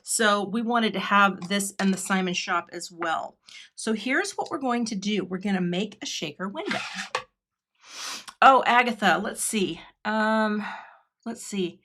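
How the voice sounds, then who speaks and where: A middle-aged Washington State woman, a craft product designer, hosts a livestreamed card-making demo, chatting with viewers and laughing often while she works. Her mid-range voice is fairly bright and measured, with a little hiss or hum in the recording.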